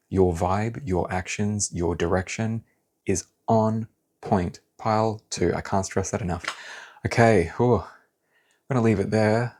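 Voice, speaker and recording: A man doing a pick-a-card tarot reading, talking in a blunt, animated, casual way and swearing now and then. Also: deep voice, slightly rough.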